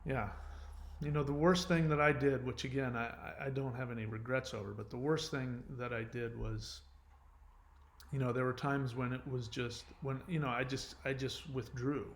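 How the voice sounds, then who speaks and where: A man's voice: medium pitch, steady tone, normal speed. A man hosting his own channel, answering viewer comments in a candid, rambling monologue full of fillers and restarts. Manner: rambling, frequent "you know" fillers and restarts; earnest, confessional. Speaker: channel host.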